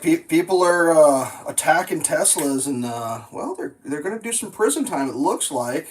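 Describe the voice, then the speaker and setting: This kitchen vlogger has a slightly high voice, heard over some background noise on a rough recording. He flips pancakes on the griddle while chatting casually, spinning rambling, animated stories full of profanity.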